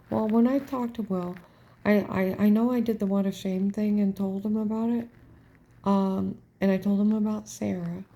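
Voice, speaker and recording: A woman's voice: mid-range voice, fairly even intonation, normal speed, mellow, a little hiss or hum. A woman telling a personal story in a rambling, emphatic way, often dropping to a whisper. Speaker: storyteller recounting events.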